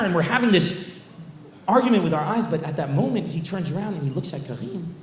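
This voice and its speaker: A male stand-up comedian telling a story on stage, animated and acting out characters. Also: sits high, fast, a little hiss or hum. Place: comedy show venue. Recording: echoey venue with faint ambience.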